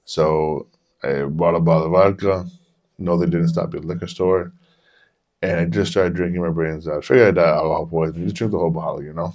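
Deep-voiced man swearing through candid stories. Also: steady tone, brisk, darkish tone. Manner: candid, profane, rambling. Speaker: podcast host. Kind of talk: casual storytelling chat.

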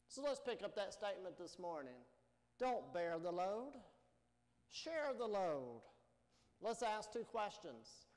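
Slow, high-voiced man preaching in a reverberant church. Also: very animated, darkish tone. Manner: measured, emphatic preaching with rhetorical questions. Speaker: pastor. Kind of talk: sermon. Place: church sanctuary.

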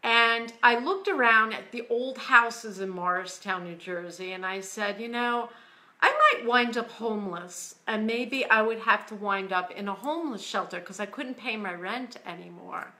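A woman from the United States telling a personal story slowly and earnestly, getting emotional at times. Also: medium pitch. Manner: slow, earnest storytelling, quiet and hushed when quoting God. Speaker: author. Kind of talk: personal testimony.

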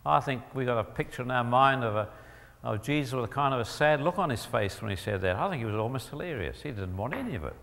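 Male Bible teacher, mid-pitched and gravelly; emphatic lecture delivery, frequent throat-clearing. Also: lively intonation, fast, a bit bright. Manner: emphatic, asks the audience rhetorical questions. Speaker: Christian teacher. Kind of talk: lecture-style teaching talk. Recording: long hall reverb.

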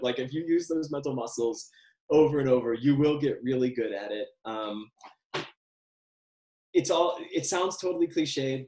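A male screenwriter with a medium-pitched, slightly mellow voice answers interview questions over a video call. He rambles, corrects himself along the way, and laughs often, and the recording has a roomy echo.

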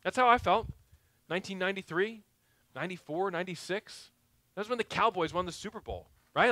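A male pastor preaching a sermon in a conversational way, with joking asides, swinging between loud and quiet. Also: high voice, fairly quick, dry recording.

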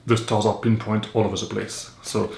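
Low-voiced man chatting about his gear. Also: little pitch movement, moderate pace, gravelly, darkish tone, reverberant. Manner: enthusiastic, many fillers and repeats. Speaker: astrophotography vlogger. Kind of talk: casual vlog narration.

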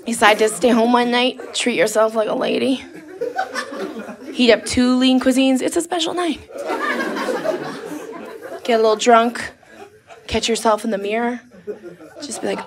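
A woman's voice: medium pitch, background noise. Brash woman doing stand-up, crowd laughing. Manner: brash, bawdy, acts out quick impressions. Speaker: stand-up comedian. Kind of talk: stand-up comedy set. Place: comedy club stage before a live audience. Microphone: handheld stage mic. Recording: live club recording with loud audience laughter.

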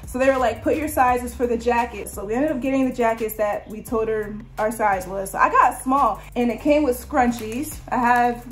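A young woman vlogger chatting through a storytime in a casual, excited way, full of "like". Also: a little high, moderate pace, hardly any pauses, soft background music. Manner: chatty, lots of "like", excited retelling.

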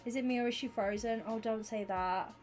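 A woman's voice: on the high side, fairly quick, soft background music. Chatty woman streamer. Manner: chatty and excitable, talks to chat by name. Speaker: Twitch streamer. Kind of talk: casual livestream chat with viewers.

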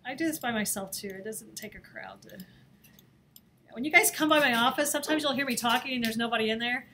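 A woman teaching a screen-recorded design software lesson, talking in a chatty, playful way and laughing at herself as she works. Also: a little high, fast talker, slight background noise. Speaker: design instructor. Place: office or classroom.

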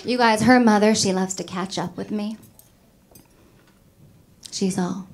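A woman's voice: on the high side, measured pace, long pauses, a little mellow. A middle-aged woman from New York doing a stand-up comedy set, chatty and self-mocking, laughing at her own jokes. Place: comedy club stage with live audience.

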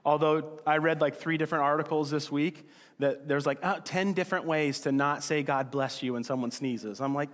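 A man delivers a sermon in a loose, conversational way, joking with the congregation and acting out quick exchanges. His voice sits a little high for a man. The sound carries the long reverb of a church hall. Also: fairly even intonation. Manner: casual, joking and chatty, with quick acted-out asides. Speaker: pastor.

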